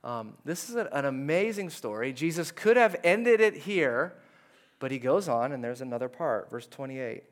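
A man preaching a sermon in a conversational way, reading verses and acting out the characters' lines in lively voices. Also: mid-range voice, normal speed. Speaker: pastor.

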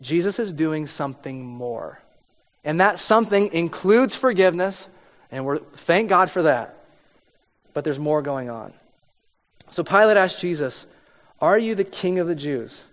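Unhurried and given to long pauses, a pastor with a somewhat high voice and lively intonation preaches conversationally, reading scripture and explaining it. He sometimes acts out the story's characters with rising intensity, and long hall reverb surrounds him.

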